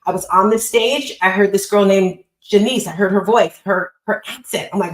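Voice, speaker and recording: A woman's voice: mid-range voice, normal speed, hardly any pauses, echoey room, low-quality recording. A woman hosting a live online call as a business coach, giving an upbeat, emphatic motivational talk and repeating phrases.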